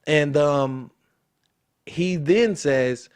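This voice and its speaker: A young man in his twenties tells a story from his own life in a relaxed, conversational way, with a voice of middle pitch. He gets animated as he goes and acts out the voices of the people in the story. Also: normal speed. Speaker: interview guest, football player. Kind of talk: casual storytelling.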